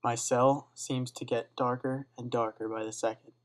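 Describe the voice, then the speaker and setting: A teenage boy reading a dark first-person school story aloud in a steady, subdued way. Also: medium pitch, moderate pace, rough recording. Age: teens. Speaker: student reader.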